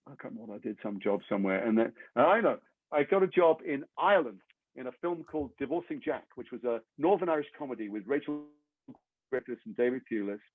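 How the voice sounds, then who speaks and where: A man from England, an actor guest telling stories in a casual, lively way and slipping into the voices of the people in them. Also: mid-range voice, no echo. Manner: lively raconteur who acts out the other people in his stories. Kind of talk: casual anecdote storytelling. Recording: dry, phone-like narrow audio.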